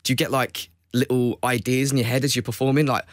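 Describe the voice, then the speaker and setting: A man's voice: medium pitch, flat delivery, fast talker, no room sound, studio quality. A man hosting a radio interview, jokey and playful, acting out little scenes in casual chat. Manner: jokey, playful, acts out quotes. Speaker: radio host.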